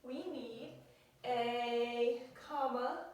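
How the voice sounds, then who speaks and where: A woman's voice: fairly high pitch, steady tone, drawn-out words, darkish tone. A woman teaching a grammar lesson in a classroom, explaining patiently step by step and asking questions. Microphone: phone recording from across the room. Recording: echoey room, distant phone mic.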